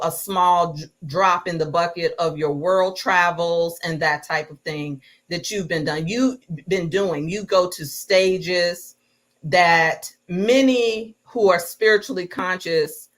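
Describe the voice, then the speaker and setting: Female host, unhurried lowish voice, speaks to the chat. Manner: warm encouraging, addresses viewers directly. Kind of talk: hosting a livestreamed interview.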